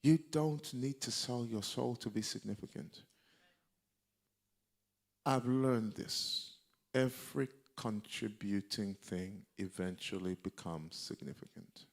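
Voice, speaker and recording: A male preacher delivering a sermon, emphatic and repeating key lines for effect, with a gravelly voice. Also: fairly low pitch, slow.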